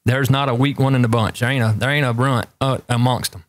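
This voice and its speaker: A man's voice: mid-range voice, fairly even intonation, quick pace, a little hiss or hum. A man, hosting a show and telling rambling stories with emphatic repeated warnings. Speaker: talk show host. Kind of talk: casual storytelling chat.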